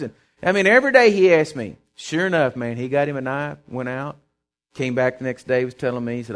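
A man's voice: mid-range voice, animated, quick pace, a bit bright. A middle-aged man preaching a sermon as pastor, folksy, earnest and emphatic, telling stories to his church.

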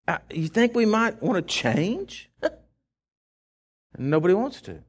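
Man, preacher, high and lively voice, dramatic storyteller. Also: unhurried, pauses often, husky. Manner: animated, dramatic, laughs while telling. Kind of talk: storytelling sermon. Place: church.

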